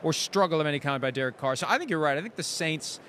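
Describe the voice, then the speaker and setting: A man talks through a casual sports talk show with a dry, teasing wit. His voice sits a little high for a man. A faint noise runs under the recording. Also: animated, quick pace, fairly bright tone.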